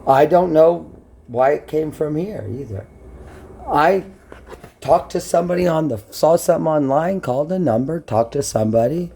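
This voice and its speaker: A man's voice: fairly high pitch, animated, normal speed, gravelly, dark tone, husky. A man from Brooklyn, rambling and swearing bluntly as he talks to his camera. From Brooklyn, New York. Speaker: vlogger.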